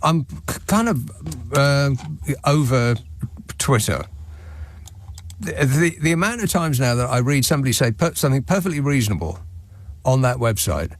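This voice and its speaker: A man's voice: medium pitch, very animated, normal speed. A man hosting a talk radio phone-in, reading listener texts with a dry, sardonic manner and frequent restarts. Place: radio studio.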